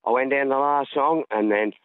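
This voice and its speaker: A man's voice: medium pitch, normal speed, clean tone. An Australian man calling in to a radio show, telling a long rambling story in a chatty way over the phone. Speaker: caller. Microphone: phone line. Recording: tinny phone line.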